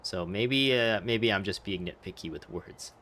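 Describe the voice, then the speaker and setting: A man's voice: lowish voice, moderate pace, heavy background noise. A man chatting casually over gameplay, rambling and laughing often. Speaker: game streamer. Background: game audio.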